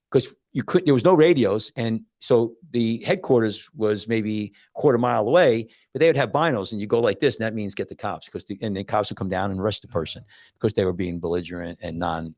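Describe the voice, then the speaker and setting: A man's voice: on the low side, quick pace, darkish tone, no echo, clean studio sound. An older man hosting a podcast, telling stories in a rambling casual chat full of restarts. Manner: rambling, many restarts and repeated words. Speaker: podcast host.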